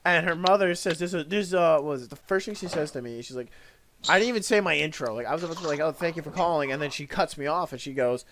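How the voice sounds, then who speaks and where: Animated man telling call-center stories. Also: a little high, quick pace, background noise. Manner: animated storyteller, acts out angry callers loudly. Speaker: talk show host. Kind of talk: casual chat, telling customer service stories.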